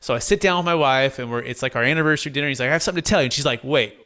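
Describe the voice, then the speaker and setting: A man telling a client story in an interview, lively, acting out the voices of the people he quotes. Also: mid-range voice, very fast, clean tone. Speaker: guest, tax deferral advisor.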